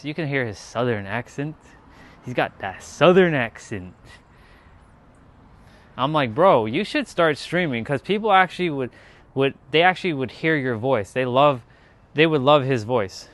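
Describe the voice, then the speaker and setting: Standing outside in a yard, a man chats casually with his livestream in an ordinary mid-range voice. He rambles from one thought to the next, keeping an encouraging tone throughout.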